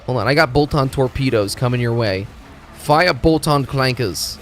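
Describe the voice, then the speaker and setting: A man streaming a video game, talking in a rambling, excitable, profane way as he plays. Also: mid-range voice, moderate pace, slight background noise. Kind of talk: casual gaming commentary. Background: faint game music.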